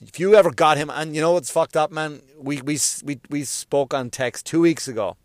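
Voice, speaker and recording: A man's voice: a little high, moderate pace, dry recording. A male comedian hosting his own show, telling a long, swear-filled story and often stopping to restart his sentences. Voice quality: profane, rambling, with frequent restarts. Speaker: comedian and podcast host. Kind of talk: casual storytelling tribute.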